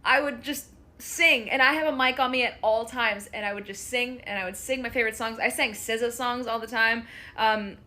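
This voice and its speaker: A woman's voice: a little high, brisk, pushed and bright. A woman and reality show contestant chatting casually in a bubbly, run-on storytelling way. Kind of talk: casual chat.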